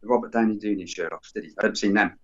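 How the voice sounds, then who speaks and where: A man with a fairly low voice talks casually on a podcast, rambling and trailing off with many fillers and restarts. The recording sounds dull and lo-fi. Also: very fast. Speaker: podcast guest. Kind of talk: casual chat.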